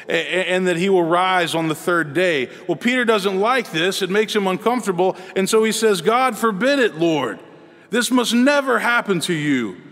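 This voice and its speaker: A man with a fairly high voice preaches to his congregation in an earnest, measured way, pausing between thoughts. His voice carries a long reverb, as if in a large church hall. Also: fairly bright tone. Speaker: pastor. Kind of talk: sermon.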